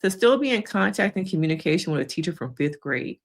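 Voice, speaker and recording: A woman therapist giving casual reaction commentary to viewers, talking directly to them and acting out quotes in high voices. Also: animated, quick pace, vocal fry. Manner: conversational, addresses viewers directly. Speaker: therapist reacting to a reality show.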